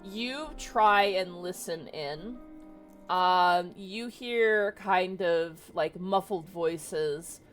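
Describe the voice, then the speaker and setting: A woman's voice: lowish voice, extremely slow, soft background music. Chatty woman narrating a tabletop game. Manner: chatty, lots of "kinda" and "like". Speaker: game master.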